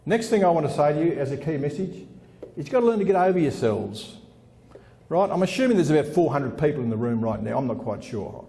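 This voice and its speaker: Middle-aged man, motivational keynote, blunt and repetitive, fairly high voice, mellow tone, long hall reverb. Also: very animated, quick pace. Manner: blunt and punchy, repeats lines for effect; keeps calling the audience "folks". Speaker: organizational consultant giving a keynote. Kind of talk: motivational conference speech. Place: large conference room with about 400 people.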